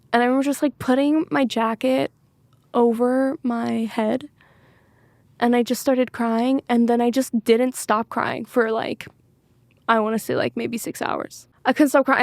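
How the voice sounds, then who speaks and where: Candid woman, higher voice, dry sound. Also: dry recording. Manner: open, rambling, frequent filler words. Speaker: singer-songwriter guest. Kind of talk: candid podcast interview.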